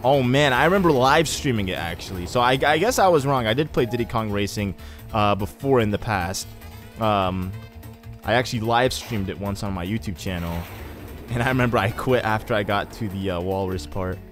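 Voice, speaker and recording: A man's voice: lowish voice, fairly quick. Chatty young man narrating gameplay. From Egyptian heritage. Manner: rambling, chatty, excitable bursts. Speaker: let's play host. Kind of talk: casual gameplay commentary. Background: faint game music.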